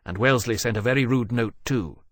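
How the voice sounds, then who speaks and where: A man's voice: medium pitch, fairly quick, a bit bright, no echo, lightly acted. A man voicing a large male dragon who speaks earnestly and anxiously.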